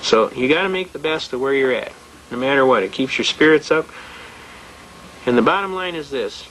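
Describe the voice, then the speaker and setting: A man's voice: medium pitch, animated, normal speed, fairly bright tone, slight background noise, rough recording. Older man, folksy emphatic lecturer. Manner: anecdotal, plain-spoken, emphatic. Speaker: seminar speaker on constitutional rights. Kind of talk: folksy storytelling lecture to a live audience.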